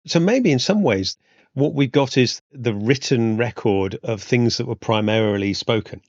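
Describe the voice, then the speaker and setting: A man's voice: medium pitch, moderate pace, a little mellow, no room sound, muffled recording. A man hosting a history podcast, asking long, musing questions full of "sort of" and "you know". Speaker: podcast host. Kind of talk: podcast interview.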